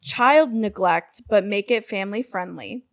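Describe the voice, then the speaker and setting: A woman's voice: medium pitch, a little slow, creaky. A young woman co-hosting a podcast, laid-back with dry jokes in casual chat. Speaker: podcast co-host.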